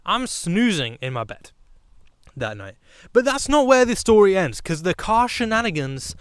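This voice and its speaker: A young British man telling a comic storytime vlog, animated, with sudden loud bursts. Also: high-pitched, normal speed, clear, resonant tone, dry recording, studio quality. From Britain. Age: young adult. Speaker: vlogger.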